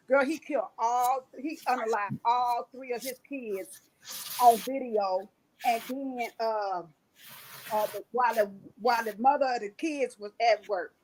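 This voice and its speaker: A woman's voice: a little high, unhurried, a little mellow, low-quality recording. A woman, hosting a casual chat and retelling a story with emphatic repetitions. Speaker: host.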